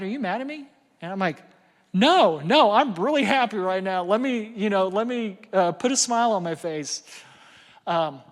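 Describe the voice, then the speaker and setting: A middle-aged man giving a casual parenting seminar, conversational and self-deprecating, with lots of fillers and "right?" checks. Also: high voice. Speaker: parenting workshop speaker. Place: large hall before an audience. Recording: long hall reverb.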